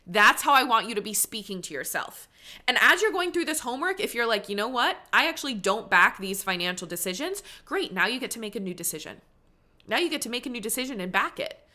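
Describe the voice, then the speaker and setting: A woman's voice: on the high side, bright, forceful tone. A woman hosting a solo podcast, talking listeners through their money feelings in an earnest, encouraging coaching tone. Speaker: podcast host. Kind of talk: solo motivational podcast monologue.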